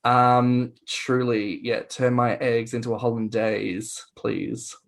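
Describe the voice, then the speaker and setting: A man co-hosting a podcast, telling stories in a playful, animated way with quick mock voices. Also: mid-range voice, vocal fry. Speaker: podcast co-host. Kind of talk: casual chat.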